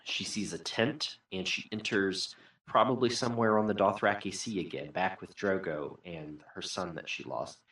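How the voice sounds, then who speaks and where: Man, low voice, podcast co-host, reflective, casual discussion. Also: normal speed, hardly any pauses, a bit bright, slightly rough, no room sound. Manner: reflective, builds long comparisons.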